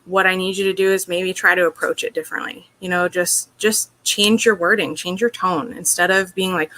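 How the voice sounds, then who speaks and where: A woman's voice: lowish voice, steady tone, normal speed, hardly any pauses, bright, forceful tone. A woman being interviewed, telling a personal story in an earnest, open way, with lots of "like" and "you know". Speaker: interview guest.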